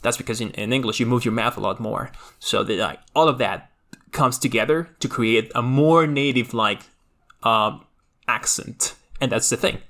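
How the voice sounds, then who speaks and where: A man's voice: mid-range voice, moderate pace, bright, forceful tone. A young man, a native Spanish speaker, teaching a language lesson and explaining points to the viewer while checking in often. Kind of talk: educational video lesson.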